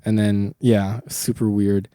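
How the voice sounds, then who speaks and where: A man's voice: on the low side, little pitch movement, slow, warm tone, smooth, no room sound, studio quality. A young man hosting a podcast, telling long rambling stories in casual chat, full of swearing and filler words. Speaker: podcast host.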